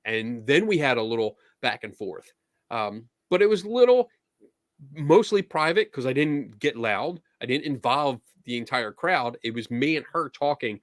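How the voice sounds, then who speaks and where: A man's voice: medium pitch, animated, moderate pace, dry recording, clean studio sound. A man hosting a podcast, chatting casually and telling stories, acting out quoted exchanges along the way. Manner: easygoing storyteller, acts out quoted exchanges. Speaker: podcast host. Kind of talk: casual conversational chat.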